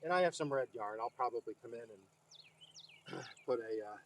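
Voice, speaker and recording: A man's voice: medium pitch, animated, moderate pace, fairly bright tone, slight background noise. A man, chatting casually as he gardens in his backyard and talks to his dog, folksy and rambling. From Oklahoma. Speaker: gardening vlogger. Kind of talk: casual chat while gardening.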